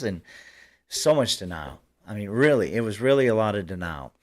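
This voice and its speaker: A man hosts a political commentary livestream from his desk mic. His voice sits on the low side, and he talks fervently, rambling and restarting his sentences as he goes. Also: big pitch swings, moderate pace. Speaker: host.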